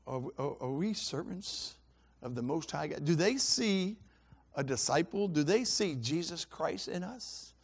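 Male preacher, slightly raised pitch, chatty storyteller who climbs to full-throated fervor. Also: expressive, unhurried, creaky, breathy edge. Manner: builds from conversational storytelling to shouting fervor; repeats and restarts words while telling stories. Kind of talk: sermon.

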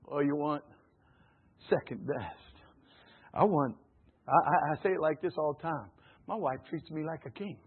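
Male pastor, husky high voice, folksy and animated, phone-thin sound. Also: unhurried, pauses often. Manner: folksy, animated, calls for audience responses, laughs often. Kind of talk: sermon. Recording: phone-like narrow band.

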